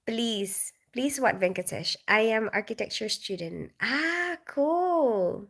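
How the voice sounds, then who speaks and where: A woman's voice: a little high, lively intonation, takes it slowly, a bit bright, slightly rough. A woman in her thirties who grew up in the Philippines, hosting a casual livestream, reading out viewers' comments and greeting them by name in a friendly way. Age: 30s. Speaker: livestream host.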